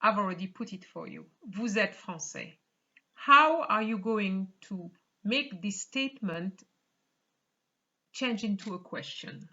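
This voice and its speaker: A woman teaches a beginner language lesson at a slow, patient pace, repeating key points and checking with the viewer. Her voice is bright with a lively pitch, on a slightly dull, lo-fi recording. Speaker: French teacher.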